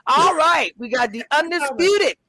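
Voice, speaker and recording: A woman hosting a live online review panel, talking in a lively, slangy way and laughing often. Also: high voice, a little slow. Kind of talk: lively casual chat.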